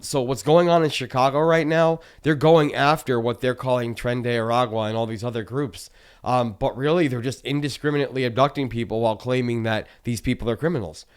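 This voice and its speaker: A man hosting his own political commentary show, speaking urgently and earnestly with frequent ums and uhs. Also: medium pitch. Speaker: host of news commentary show.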